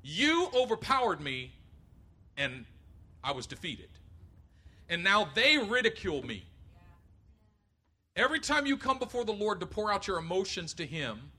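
A middle-aged man preaching a sermon, animated, acting out voices of others and rising to near shouts. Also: high-pitched, moderate pace, pauses often, breathy edge. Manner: acts out voices of others in quotes. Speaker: pastor.

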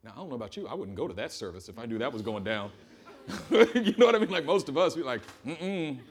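A man preaching a sermon to a congregation in a church, telling a Bible story with humor and animated storytelling. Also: medium pitch, fast. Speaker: pastor. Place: church service before a congregation.

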